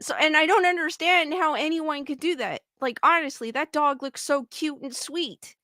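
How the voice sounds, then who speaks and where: A woman hosts a casual livestream, reading viewer comments aloud and reacting with rambling, incredulous exclamations. Her voice sits high and bright, and it is recorded close and dry. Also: normal speed, no echo. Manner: exclaims in disbelief, rambling and talkative. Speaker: livestream host.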